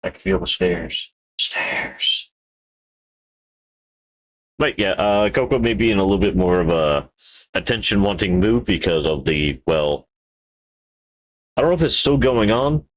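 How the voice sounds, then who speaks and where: A man's voice: sits low, lively intonation, normal speed. A man streaming live while building a 3D model, talking to himself in a rambling, playful way with wordplay asides.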